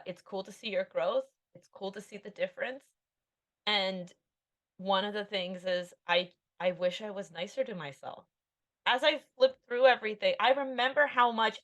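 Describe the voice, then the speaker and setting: On a podcast, a thirtysomething woman author gets interviewed and answers candidly in a rambling, self-deprecating style packed with fillers. She has a mid-range, fairly bright voice.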